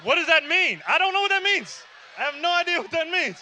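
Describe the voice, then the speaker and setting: A man's voice: very high-pitched, sing-song, brisk, sharp tone, a little hiss or hum. A man in his thirties doing stand-up comedy, talking loosely and conversationally with lots of fillers and rhetorical questions to the audience.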